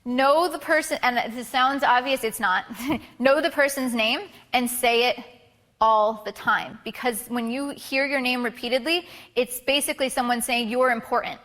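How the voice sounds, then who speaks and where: A woman's voice: a little high, normal speed, fairly bright tone. A woman giving a casual, chatty photography workshop talk to a live group, full of fillers and restarts. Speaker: photography instructor. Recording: reverberant hall recording.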